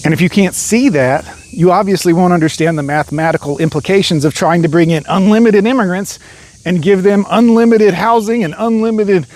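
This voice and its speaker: A man's voice: high voice, darkish tone. A man delivering an angry, profanity-laden rant straight to camera as a vlogger. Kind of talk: ranting monologue.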